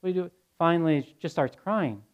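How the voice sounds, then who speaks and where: A man's voice: on the high side, fast. A male pastor preaching a sermon, blunt and earnest, telling stories in a conversational way. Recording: dull lo-fi sound.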